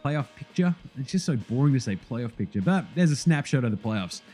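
A man's voice: medium pitch, a little fast, soft background music. A man hosting a casual basketball recap, sweary and jokey as he rattles off scores. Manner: sweary, animated, jokey banter. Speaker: basketball podcast host.

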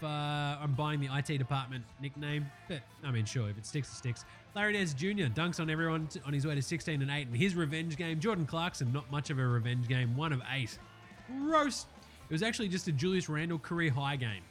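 A young Australian man hosting a basketball recap show, chatting casually with lots of swearing and jokes. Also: on the high side. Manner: profane, joking, excitable banter. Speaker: basketball podcast host.

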